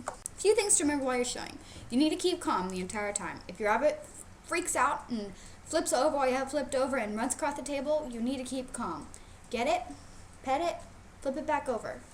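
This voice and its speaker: A woman's voice: high voice, a little hiss or hum. A woman instructor teaching youth how to show rabbits, playful and emphatic, repeating her key points. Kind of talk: casual instructional video.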